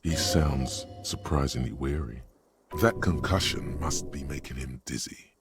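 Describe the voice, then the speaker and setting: A grave, very deep narrator. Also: male voice, gravelly, faint music behind, full character voice. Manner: slow, solemn, descriptive. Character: grave male narrator inside a detective's head. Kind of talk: video game narration.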